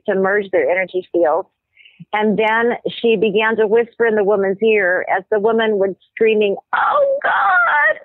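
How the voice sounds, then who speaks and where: A woman, a medical anthropologist guest, explaining ideas and telling stories in a measured way with thoughtful pauses. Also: mid-range voice, dry recording. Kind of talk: explanatory interview talk. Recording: tinny phone-line audio.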